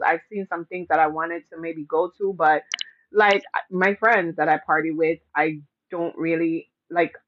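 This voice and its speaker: A woman's voice: lowish voice, dull audio. A woman vlogger in casual direct-to-camera talk, rambling with lots of fillers and restarts.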